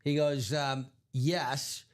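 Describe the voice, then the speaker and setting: A man's voice: medium pitch, little pitch movement, drawn-out words. A man hosting a live sports card break stream, chatting casually in a rambling, self-correcting way. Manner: rambling, self-correcting, chuckles at own stories.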